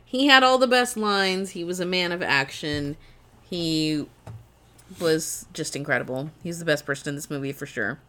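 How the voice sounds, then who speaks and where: Blunt podcast co-host with a lower voice. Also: female voice, moderate pace, a bit bright. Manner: blunt, profane opinions. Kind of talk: casual movie chat.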